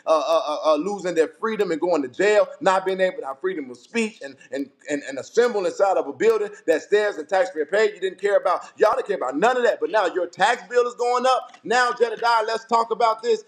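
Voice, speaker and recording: Fired-up, profane man ranting. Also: high-pitched. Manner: heated, profane, repeats himself for emphasis. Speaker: political commentator. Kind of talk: impassioned political rant.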